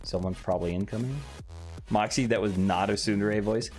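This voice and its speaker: A man's voice: on the low side, fairly even intonation, brisk, darkish tone. A man casually chatting on a late-night stream, reading chat aloud and swearing offhandedly. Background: faint background music.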